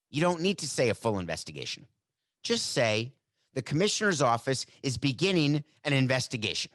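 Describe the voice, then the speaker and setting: A man's voice: medium pitch, sing-song, a little fast, fairly bright tone, no room sound. A man hosts a sports talk podcast in a sarcastic, mock-dramatic monologue. His voice sits in a middle register, and the desk mic is close and completely dry. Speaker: podcast host. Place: desk at home studio.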